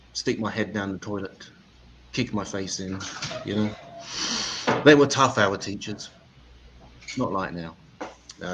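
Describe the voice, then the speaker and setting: A man doing stand-up comedy as MC. He tells crude, sweary deadpan one-liners. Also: medium pitch, noisy background.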